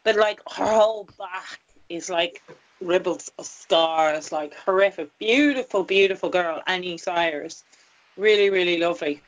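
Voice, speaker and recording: A woman's voice: lowish voice, measured pace. A woman hosting a casual talk show, ranting in an indignant, exasperated way. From Ireland. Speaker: host. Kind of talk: casual chat.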